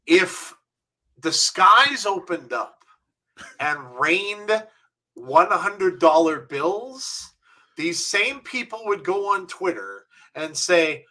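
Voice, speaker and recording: Bright-voiced laughing man co-host. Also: high-pitched, animated, very slow. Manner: laughs often, exasperated. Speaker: podcast co-host. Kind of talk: casual chat.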